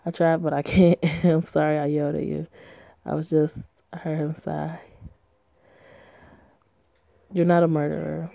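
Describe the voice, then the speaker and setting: A woman's voice: low-pitched, little pitch movement, moderate pace, vocal fry, no room sound, dull audio. A woman reading aloud the lines of a caring young man in an earnest, plain way. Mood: tender. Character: caring young man, upset but tender. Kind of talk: reading a story game aloud.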